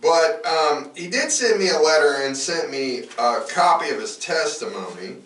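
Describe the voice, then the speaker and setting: A man's voice: a little high, lively intonation, normal speed, a bit bright, echoey room, recorded from a distance, rough recording. A man co-hosting a casual podcast, talking loosely with lots of fillers and restarts. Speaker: podcast co-host.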